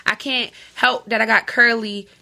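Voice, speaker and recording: Bright-voiced young woman chatting. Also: a little high, gravelly. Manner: animated storytelling, quick laughs. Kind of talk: casual chat.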